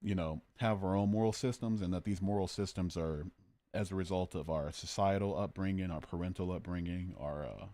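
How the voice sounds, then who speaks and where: A man's voice: low-pitched, fairly even intonation, fairly quick, mellow, dry recording. A man hosting a casual livestream, arguing about morality and joking as he reads out his chat. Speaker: livestream host.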